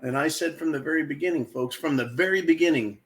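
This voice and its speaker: A man's voice: fairly high pitch, fast, poor audio. A man hosting his own channel, talking to viewers in an exasperated, emphatic opinion monologue and often calling them folks. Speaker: channel host.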